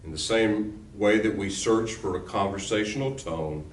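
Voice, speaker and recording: A man's voice: lowish voice, moderate pace, echoey room, recorded from a distance, a little hiss or hum. A man teaching a recorded lecture as a law instructor, with an emphatic, punchy delivery.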